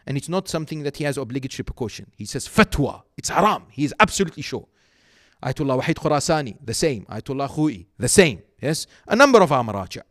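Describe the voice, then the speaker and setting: A man's voice: medium pitch, sing-song, fast, studio quality. A man speaking as a sheikh, giving a religious lecture in an Islamic centre hall, telling stories and throwing rhetorical check-in questions at his listeners. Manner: asks rhetorical check-ins, shifts voice for quoted people.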